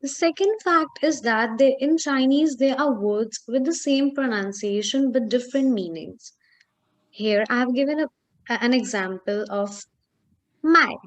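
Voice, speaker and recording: A woman teaching a Chinese lesson, explaining slowly with pauses and fillers. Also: a little high. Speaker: Chinese tutor. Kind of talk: online language lesson.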